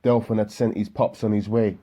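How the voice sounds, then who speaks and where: A man reading an audiobook in a steady, matter-of-fact narration. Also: lowish voice, brisk. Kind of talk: scripted narration. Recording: electronic music bed underneath.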